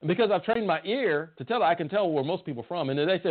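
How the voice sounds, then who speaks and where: Southern male preacher, folksy teaching tone, slightly high voice, phone-quality sound. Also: lively intonation, fast. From Southern United States. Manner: folksy, asks listeners questions. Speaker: Bible teacher. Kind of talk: conversational sermon. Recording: tinny phone-like audio.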